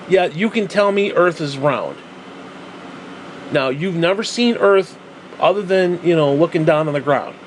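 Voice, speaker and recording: A man's voice: on the high side, slight background noise. A man ranting in a rambling, sarcastic vlog monologue, swearing often and trailing off mid-thought. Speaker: vlogger.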